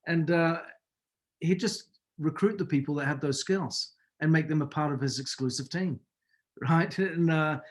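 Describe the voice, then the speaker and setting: A man with a somewhat high-pitched voice leads a mentoring call. He tells stories in a relaxed, conversational way and often stops to ask his listeners questions. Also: unhurried. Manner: conversational storyteller, asks listeners rhetorical questions. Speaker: business mentor. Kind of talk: mentoring talk with anecdotes. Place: video or conference call.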